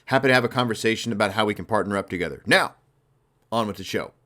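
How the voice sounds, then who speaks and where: A man hosting a motivational sales podcast, talking in an emphatic, energetic, conversational way. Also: lowish voice, quick pace. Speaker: sales coach and podcast host.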